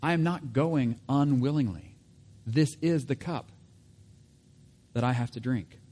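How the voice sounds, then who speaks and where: A preacher voicing a calm, resolute man. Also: medium pitch, unhurried, natural voice. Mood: reassuring.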